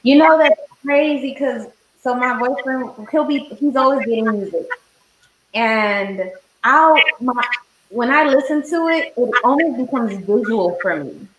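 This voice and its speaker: A woman hosting a casual interview, animated and quick to react. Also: a little high, dull audio, noisy background. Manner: animated, reacts with short exclamations. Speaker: interviewer host. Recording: echoey room, faint clicks.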